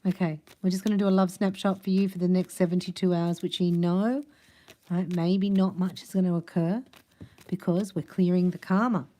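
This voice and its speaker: A woman with a lowish, mellow voice does a casual tarot reading, chatty and playful, with fairly even intonation at a moderate pace. She laughs often and sometimes drops to a near whisper.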